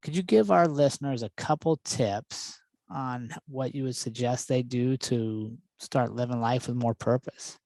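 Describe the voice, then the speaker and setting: A man hosting a podcast who keeps his questions upbeat and encouraging. He speaks in a mid-pitched voice. The sound is dry, with no room echo. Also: a little slow, vocal fry, mellow. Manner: upbeat, affirming interviewer. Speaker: podcast host. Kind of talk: conversational interview.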